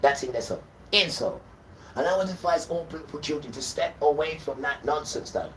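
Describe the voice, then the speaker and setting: A man's voice: on the high side, lively intonation, a little fast, a bit bright, distant mic, a little hiss or hum, poor audio. A man giving a preachy, emphatic livestream talk, lecturing the viewers with chuckling asides. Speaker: livestream host.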